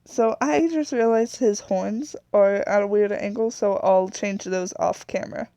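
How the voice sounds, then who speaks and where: Slow, rambling woman narrating. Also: mid-range voice, warm tone, dry recording. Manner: rambling, self-correcting, trails off and restarts; chatty and apologetic. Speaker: video creator. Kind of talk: casual narration while designing a character.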